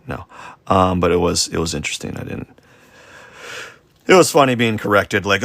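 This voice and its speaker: A man with a low, gravelly voice talks loosely as he draws on a livestream. He wanders off topic, pokes fun at himself and restarts his sentences often. The sound is close and dry, with no room around it. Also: expressive, normal speed, long pauses, a bit bright, no room sound. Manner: rambling and self-deprecating, with many fillers and restarts. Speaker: artist streaming a live drawing session. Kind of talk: casual rambling chat while sketching.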